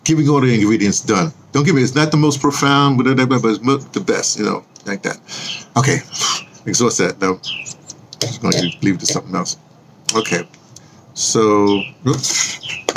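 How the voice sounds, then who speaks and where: Low gravelly man rambling casually. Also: moderate pace, pauses often, a little hiss or hum. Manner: meandering, with many restarts and teasing questions to viewers. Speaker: vlogger and audio drama producer. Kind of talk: casual rambling monologue to camera.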